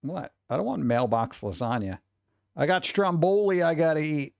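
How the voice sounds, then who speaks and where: A man giving casual live-stream commentary with a slightly high voice. He rambles, trips over words and sounds exasperated and sarcastic. The recording is dry and close. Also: big pitch swings, moderate pace, creaky, darkish tone, dry recording, dull audio. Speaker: streamer reacting to food videos.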